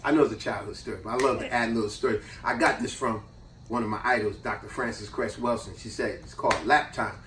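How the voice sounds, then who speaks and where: A man hosting a casual chat, telling a childhood story in an animated, slangy way. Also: medium pitch, fast, a little hiss or hum. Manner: animated, slangy, acts out voices. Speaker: host. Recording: roomy echo, distant mic.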